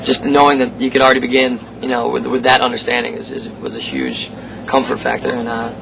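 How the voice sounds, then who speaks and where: Brief: metal singer, man, gravelly casual talk, noisy location interview. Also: mid-range voice, a little fast. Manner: rambling, many fillers. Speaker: metal vocalist.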